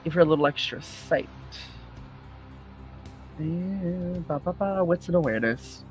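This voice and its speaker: A man playing a tabletop game, joking and animated. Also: a little high, unhurried. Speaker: player. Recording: muffled audio with faint music.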